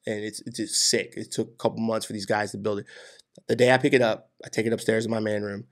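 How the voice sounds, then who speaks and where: A man telling personal stories as a podcast guest, animated and casual, swearing freely and tossing in "dude" and "man". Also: lowish voice, fast talker. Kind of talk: casual storytelling interview.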